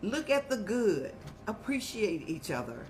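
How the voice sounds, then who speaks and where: An older woman hosting an advice show in a folksy, preacherly way, speaking to viewers like family and telling lively stories. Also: mid-range voice, measured pace, a little hiss or hum. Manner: folksy, preacherly, calls listeners "child"; lively storytelling with animated rises. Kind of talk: warm advice talk to viewers.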